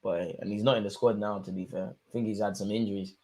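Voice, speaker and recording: A young man, commentating live on a football match for his viewers and shouting at the screen. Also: lowish voice, fast. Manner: excitable, swings from muttering to shouting at the screen. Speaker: football watchalong host. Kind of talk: live watchalong commentary, casual.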